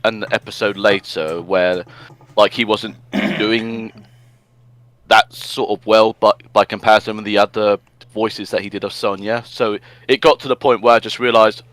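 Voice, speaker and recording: A man's voice: lowish voice, fairly even intonation, moderate pace, a bit bright, no room sound, rough recording. A man co-hosting a casual podcast chat, rambling with many fillers. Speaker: podcast co-host.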